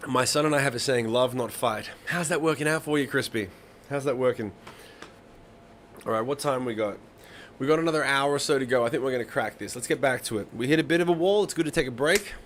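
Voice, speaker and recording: A man's voice: medium pitch, fast, fairly bright tone, slight background noise. Swearing man chatting on a live stream. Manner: swears freely, rambling anecdotes with laughs. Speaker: live-stream songwriting host. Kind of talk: casual chat to a live audience.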